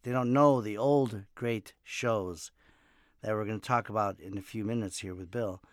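A man's voice: lowish voice, moderate pace, no echo, studio quality. A man in his fifties, a comedian and podcast host, telling casual stories in a rambling way and laughing often. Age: 50s. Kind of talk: casual monologue. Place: home in Los Angeles.

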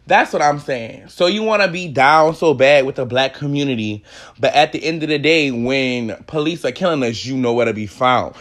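A man's voice: medium pitch, lively intonation, moderate pace, fairly bright tone. A man hosting a podcast who delivers a heated, emphatic opinion monologue full of swearing. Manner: emphatic, profane, ranting. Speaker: podcast host.

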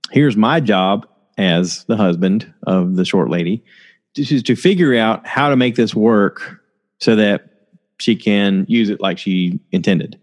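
A man hosting a casual solo podcast, telling stories in a rambling way and laughing often. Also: fairly low pitch. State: tired, low on energy. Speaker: podcast host.

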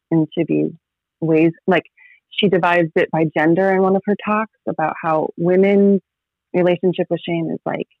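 A woman's voice: fairly low pitch, gravelly, no echo. Woman in her 30s, podcast guest, rambling and filler-heavy, tinny phone-like line, dry sound. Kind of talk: casual personal storytelling.

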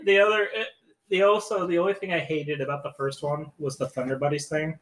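Man co-hosting a podcast, bright voice, lively storytelling style, fairly high pitch. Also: fairly quick, rough recording. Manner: animated storyteller, acts out quotes. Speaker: podcast co-host. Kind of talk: casual chat.

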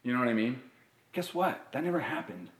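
A young man speaks in a casual live podcast chat and tells a personal story with animated energy. He keeps checking in with his listeners as he goes, and his voice rings in a roomy, echoing space. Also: mid-range voice, a little fast. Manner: animated storytelling, many "right?" tags. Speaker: therapist and podcast co-host. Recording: roomy echo.

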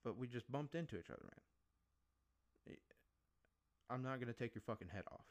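A man's voice: mid-range voice, animated, very fast, few pauses. A man hosting a solo podcast, ranting bluntly with heavy swearing as he gives his opinions. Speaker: podcast host.

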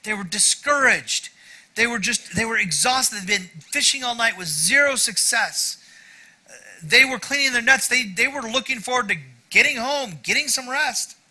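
Bright, high-voiced man preaching. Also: lively intonation, moderate pace, rough recording. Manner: conversational, self-deprecating, frequent "right?" asides. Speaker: pastor. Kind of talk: sermon.

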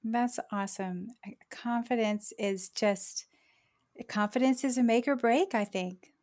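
A woman's voice: a little high, measured pace, a little mellow. A woman hosting a podcast, affirming her guest and thanking her in casual interview talk. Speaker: podcast host.

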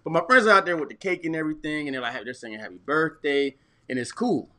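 A man's voice: a little high, fast, bright, forceful tone. A young man in his twenties, co-hosting a podcast, telling a story among friends with laughs and quoted voices. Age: 20s. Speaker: podcast co-host.

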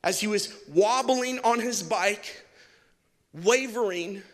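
In a large hall with long, trailing reverb, a man serving as pastor delivers a fervent sermon and urges the congregation to answer back. His voice is high and he takes his time.

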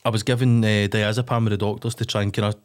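Brief: young Scottish man, podcast guest, quick rambling delivery, lots of restarts and swearing. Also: fairly low pitch, level tone. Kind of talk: candid casual chat.

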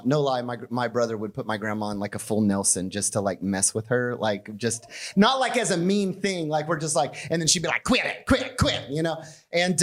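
A man preaching a conversational sermon as pastor of his church, casual and jokey. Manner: casual, jokey, mimics others in a high squeal. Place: church hall.

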